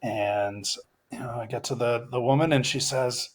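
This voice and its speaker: A man's voice: mid-range voice, fairly even intonation, normal speed. Middle-aged male coach as podcast guest; earnest, reflective storyteller with a medium voice and restarts. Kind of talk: personal storytelling in a podcast interview.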